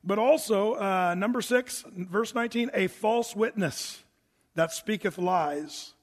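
A man preaches in a high voice, conversational and emphatic, and he keeps putting rhetorical questions to his listeners. The sound carries the long reverb of a church sanctuary. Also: slow pace. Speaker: pastor. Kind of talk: sermon.

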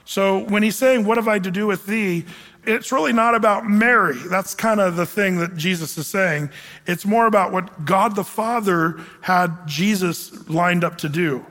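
A male pastor giving a sermon, preaching in an animated, conversational way with humor. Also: sits high, a little slow. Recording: long hall reverb.

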